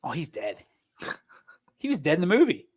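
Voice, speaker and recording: A man's voice: on the high side, huge pitch swings, moderate pace, darkish tone, slightly rough. Rambling, teasing sports show man. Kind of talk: casual banter. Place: streaming studio.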